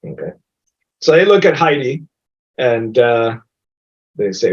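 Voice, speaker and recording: Husky guy running a tabletop game, laughs a lot, kinda muffled lo-fi audio. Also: medium pitch, big pitch swings, slow pace, pauses often. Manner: casual, laughs often, trailing restarts. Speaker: game master. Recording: dull lo-fi recording.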